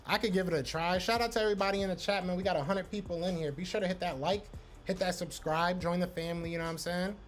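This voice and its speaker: Philly-male host, fairly high voice, loose rambling live-stream chatter, faint music behind. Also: fairly even intonation, fast talker. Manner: loose, repetitive, talks to chat by name. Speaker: podcast host reading live chat. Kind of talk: casual live-stream chat.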